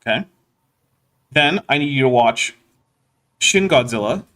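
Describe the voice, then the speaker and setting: A man hosting a livestream in casual chat, talking in an animated, rambling way. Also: mid-range voice, a little slow. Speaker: livestream host.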